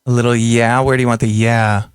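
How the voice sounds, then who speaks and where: A young man's medium-pitched voice comes across level, smooth and fairly quick, with no room sound. Hosting a music-making video as a producer, he chats casually and reads viewer comments aloud while working on a song.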